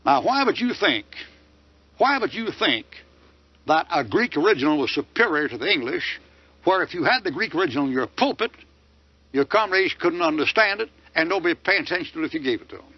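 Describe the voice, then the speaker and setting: A man's voice: a little high, lively intonation, fast talker, no echo. An older man preaching a fiery sermon lecture, firing off mocking rhetorical questions. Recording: dull lo-fi dry recording.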